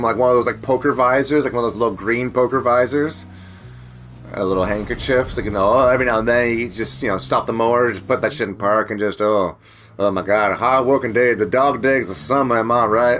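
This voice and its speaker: A man's voice: medium pitch, fairly bright tone, a little hiss or hum. A man chatting casually as a streamer, rambling, joking and swearing freely. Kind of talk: casual chat.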